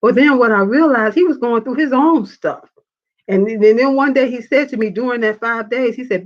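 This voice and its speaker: A woman hosting a live faith talk show, reading viewer comments and telling a personal story in an animated way. She laughs often and acts out the voices of the people she quotes. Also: on the high side, normal speed. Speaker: show host. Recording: dull lo-fi sound.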